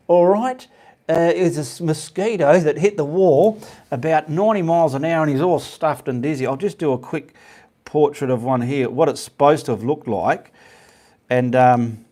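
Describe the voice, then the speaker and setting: A man's voice: a little high, moderate pace, mellow. A middle-aged Australian man hosting a live painting stream, chatting casually with viewers and rambling, often checking in with "okay". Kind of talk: casual live-stream chat reading comments.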